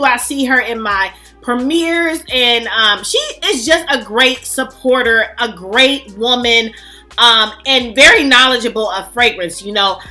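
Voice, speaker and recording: Brief: high, bright woman, animated gushing vlog host, faint music under. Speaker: fragrance channel host. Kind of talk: casual chatty vlog.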